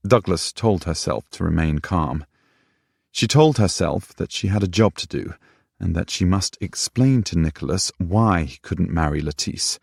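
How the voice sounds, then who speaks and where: A man narrating a romance audiobook in a measured, unhurried way. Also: deep voice, creaky, darkish tone, breathy edge, no echo, clean studio sound. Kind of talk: scripted narration.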